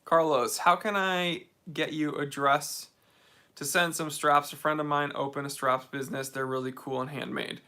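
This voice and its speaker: A man's voice: fairly high pitch, level tone, normal speed, bright, forceful tone. An American man hosting a casual livestream Q&A from a home game room, reading and answering viewer comments. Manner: laid-back, reads viewer comments aloud. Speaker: host of a watch channel livestream Q&A.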